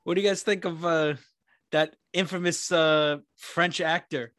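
A man's voice: a little high, fairly even intonation, a little slow, fairly bright tone, no room sound. Laid-back man with a dry-sounding voice. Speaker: podcast co-host. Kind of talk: casual chat.

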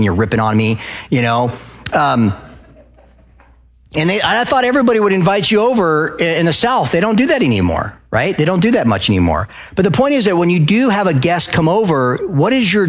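A man from Arizona speaking at a live event, lecturing an audience in a loud, passionate way and often checking in with "okay?" and questions. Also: fairly high pitch. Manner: addresses the crowd with frequent "okay?" and questions.

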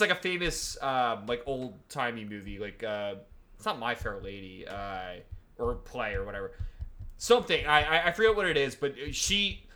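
A man's voice: mid-range voice, bright, forceful tone. A man co-hosting a casual football podcast, swearing casually, laughing often and losing his train of thought. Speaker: podcast co-host.

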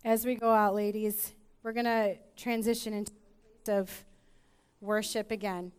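A woman preaching a sermon to a women's gathering, soft and reflective, growing louder when calling the room to worship. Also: mid-range voice, flat delivery, moderate pace, clean tone. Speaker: women's ministry speaker.

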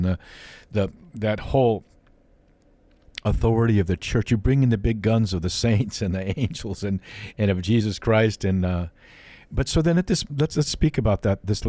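Man, podcast host, low voice, dry close sound, earnest, halting restarts. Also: dark tone, dry recording. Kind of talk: faith interview chat.

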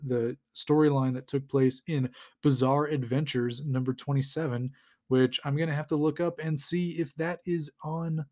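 A man's voice: mid-range voice, darkish tone. A man hosting a podcast, casually recapping a comic in a rambling way with lots of fillers and chuckles. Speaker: podcast host.

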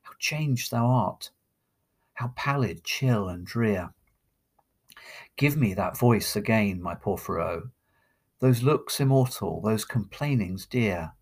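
A man voicing a sorrowful young woman lamenting her lover, recited slowly as poetry. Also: on the low side, lively intonation, breathy edge, heavily acted. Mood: pleading, sorrowful. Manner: slow, mournful verse recitation.

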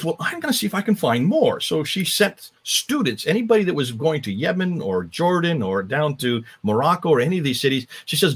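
A man's voice: mid-range voice, fairly bright tone, slightly rough. A man giving an emphatic, conversational lecture as a guest speaker, with frequent restarts. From United States.

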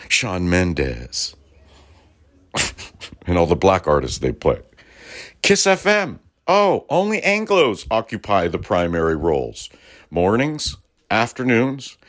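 A middle-aged man hosting a political talk show, his low voice swinging widely as he rants, heated and profane. He lands hard on key words and drops into sarcastic asides. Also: huge pitch swings, takes it slowly, pauses often, fairly bright tone. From Los Angeles, United States. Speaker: radio show host. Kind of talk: political talk-radio monologue.

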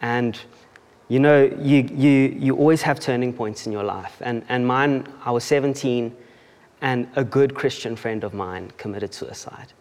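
A man's voice: medium pitch, a little slow, a little mellow. South African man, chatty testimony in a church hall. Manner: self-deprecating, chatty, laughs often, frequent restarts. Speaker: church member giving a testimony. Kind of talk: conversational sermon testimony. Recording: long church-hall reverb.

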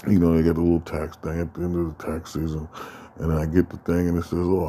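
Guy ranting on his podcast, gravelly and mellow, cusses a lot. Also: sits low. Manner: profane, rambling, acts out quoted exchanges. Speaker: podcast host. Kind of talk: casual ranting monologue.

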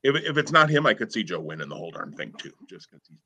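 A man's voice: lowish voice, very animated, fast talker, bright, forceful tone, husky. A man co-hosting a podcast in casual chat, rambling and enthusiastic with lots of fillers. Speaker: podcast co-host.

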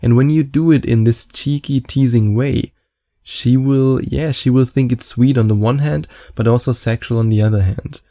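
A man's voice: mid-range voice, moderate pace, dark tone. A man speaking as a dating coach in a confident, candid and chatty advice monologue, with self-mocking asides.

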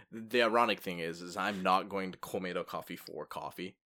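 A man's voice: deep voice, moderate pace, bright, forceful tone. A man co-hosting a casual podcast, laid-back, swearing casually and filling his talk with "like". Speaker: podcast co-host. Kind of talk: casual chat.

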